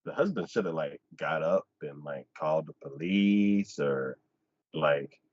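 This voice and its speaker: He speaks at a measured pace, this anime podcast host, animatedly recapping an episode and jumping in pitch to perform each character. The recording is dull, dry and lo-fi, without echo.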